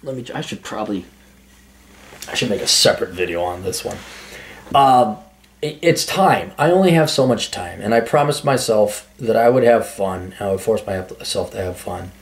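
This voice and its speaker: A man's voice: on the low side, animated, normal speed. Sarcastic rambling man reading comments. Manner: sarcastic, rambling, self-mocking. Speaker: podcast host reading listener comments. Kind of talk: casual solo commentary.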